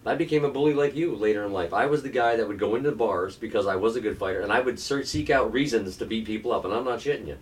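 A man's voice: lowish voice, fast talker, hardly any pauses, distant mic. A middle-aged man telling a candid, earnest personal story as a podcast guest, now and then swearing. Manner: candid, earnest, occasionally profane.

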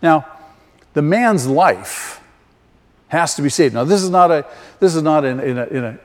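A man preaching a sermon slowly and emphatically, with sudden loud rises for stress. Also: on the high side, animated. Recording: long hall reverb.

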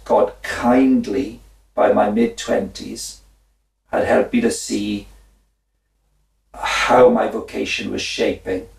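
A man in his sixties, a guest telling stories in an animated way, laughing and acting out his own side of the dialogue. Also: lowish voice, slow, creaky, long pauses. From Wales. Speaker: guest, former footballer and minister. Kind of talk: conversational storytelling. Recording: echoey room, distant mic.

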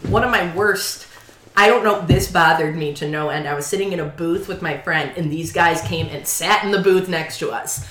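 A woman co-hosting a casual podcast chat, telling stories in an animated way and acting out what people said. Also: fairly low pitch, normal speed, echoey room. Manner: animated storyteller, acts out quotes with laughs. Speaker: podcast co-host.

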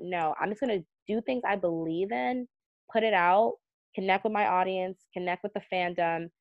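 A woman's voice: fairly low pitch, no echo. A woman in a casual podcast chat as a guest, talking earnestly and chattily with lots of fillers. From United States. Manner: chatty, earnest, heavy use of "like". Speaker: magazine CEO and editor, guest. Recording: dull, slightly muffled audio.

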